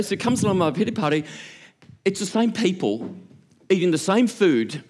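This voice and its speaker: Animated preacher man. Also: fairly high pitch, normal speed. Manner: animated storyteller, acts out quotes, laughs often. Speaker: pastor. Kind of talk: sermon.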